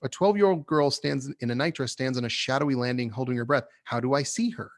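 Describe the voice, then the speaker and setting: Male podcast host, mid-pitched, opinionated script critic, chatty and laughing. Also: fast. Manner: animated, opinionated, laughs often. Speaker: podcast host reviewing a screenplay. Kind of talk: casual critique chat.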